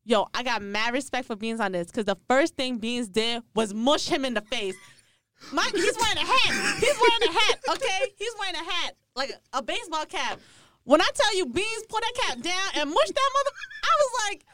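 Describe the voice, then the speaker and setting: A woman co-hosting a podcast, telling a story in animated, slangy casual chat with frequent laughs. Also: high-pitched, normal speed, noisy background. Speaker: podcast co-host.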